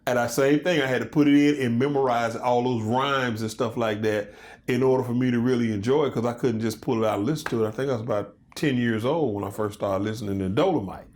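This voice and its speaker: A man in his fifties, a comedian and guest, telling stories in a loose, animated way in a casual interview chat. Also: mid-range voice, fast talker. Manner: animated storytelling, loose and conversational.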